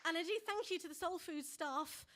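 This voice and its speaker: A singer-songwriter woman chatting to a live audience between songs in a bookshop coffee house, in a chatty, self-deprecating way with quick asides. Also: extremely high pitch, sharp tone. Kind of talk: casual between-song chat to a live audience.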